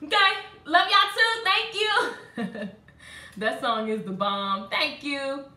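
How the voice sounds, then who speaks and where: A woman's voice: sits high, expressive, slow pace, bright, forceful tone, reverberant. A woman hosting a live stream, chatting with viewers and hyping them up. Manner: hyped, sings motivational chant, talks to commenters. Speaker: live-stream host and salon business coach.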